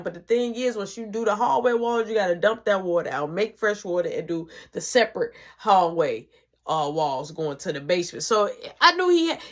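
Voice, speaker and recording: Animated slangy storyteller woman. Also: a little high. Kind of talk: casual storytime narration.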